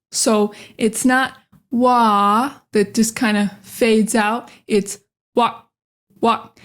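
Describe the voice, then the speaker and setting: A young American woman leads a pronunciation lesson in an upbeat, emphatic way, drilling words over and over. Her voice sits a little high for a woman. She speaks straight to her viewers like a teacher.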